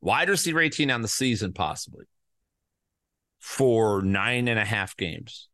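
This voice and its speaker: A man's voice: lowish voice, a little slow, dry recording, studio quality. Ranting man rattling off stats. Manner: animated, ranting, swears often; rattles off statistics. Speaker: podcast host. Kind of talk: fantasy football podcast monologue.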